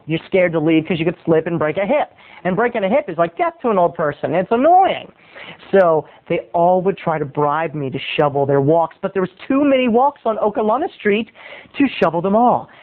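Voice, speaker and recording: A man, a video blogger, telling a rambling comic story in a theatrical way. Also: high-pitched. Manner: theatrical, rambling, jumps into voices. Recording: muffled lo-fi phone-like sound.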